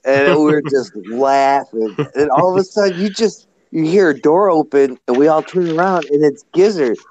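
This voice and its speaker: A man telling a story in a casual group chat, animated and breaking into laughter as he goes. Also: a little high, moderate pace, lo-fi sound.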